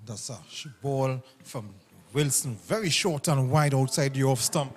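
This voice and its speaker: A male co-commentator on a cricket broadcast, good-humoured and teasing with his partner. He sits at an ordinary mid pitch. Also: measured pace, a little hiss or hum. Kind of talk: bantering match commentary.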